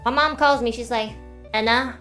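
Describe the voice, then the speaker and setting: A young woman streamer telling a story in a casual, animated, exasperated way, with lots of fillers. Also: on the high side, brisk. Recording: roomy echo with faint music behind.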